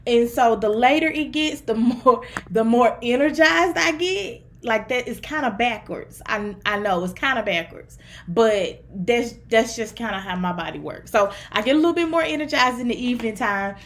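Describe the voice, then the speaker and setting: Talking directly to her livestream viewers, a therapist and relationship coach from the Southern US speaks with a country twang in a slightly high voice at normal speed. She keeps the casual chat upbeat and friendly.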